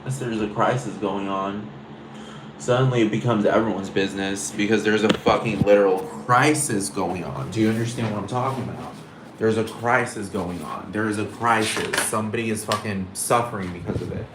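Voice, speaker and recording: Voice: low voice, moderate pace. A speaker ranting in a casual monologue, swearing constantly and rambling with many "like"s and "dude"s. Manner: heavy swearing, rambling and exasperated; repeats phrases, many fillers like "like" and "dude". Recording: echoey room with faint background noise.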